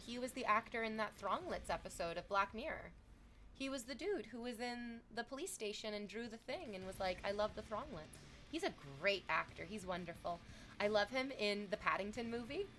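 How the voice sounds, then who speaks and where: A young adult woman livestreaming, chatting casually with viewers, thanking subscribers and reading chat messages aloud in an animated way. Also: a little high, slight background noise.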